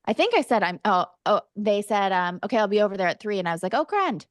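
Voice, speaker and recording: A woman's voice: mid-range voice, quick pace, no echo, clean studio sound. A woman podcast co-host in casual chat, oversharing and telling stories with lots of energy. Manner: chatty, oversharing, animated storyteller.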